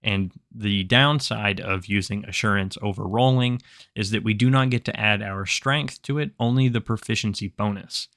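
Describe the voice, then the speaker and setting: Low-voiced man walking through a build. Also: normal speed, fairly bright tone, no room sound, clean studio sound. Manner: methodical step-by-step explaining. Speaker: tabletop game build guide host. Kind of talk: screen-recorded game tutorial.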